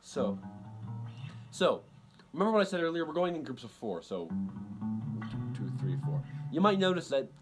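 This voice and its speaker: A man giving a casual guitar lesson, talking in halting bursts with many restarts and counting beats aloud. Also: fairly high pitch, big pitch swings. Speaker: guitar teacher. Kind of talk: casual instructional talk over guitar playing. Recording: loud guitar playing behind the voice.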